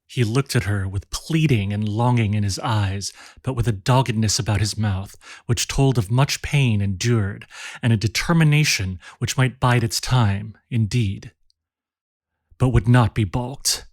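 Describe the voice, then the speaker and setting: A man reading a short story aloud in a calm, steady way. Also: medium pitch, no echo, studio quality. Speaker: reader. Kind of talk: audiobook narration.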